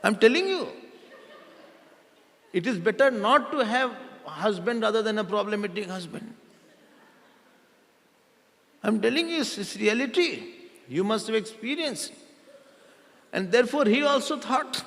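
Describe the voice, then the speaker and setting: Lively high-voiced man teaching in a hall. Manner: quizzes the audience, repeats names; chants verses slowly. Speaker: spiritual teacher. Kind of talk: storytelling discourse. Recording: long hall reverb.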